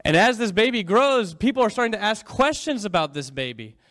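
A man's voice: sits high, big pitch swings, fairly quick, a bit bright. A man preaching a sermon, retelling scripture dramatically and questioning his congregation.

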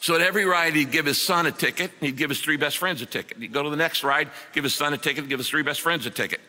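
A man's voice: fairly high pitch, fast talker, pushed and bright, in a large hall. A middle-aged man preaching a sermon, telling a story earnestly and acting out the quotes.

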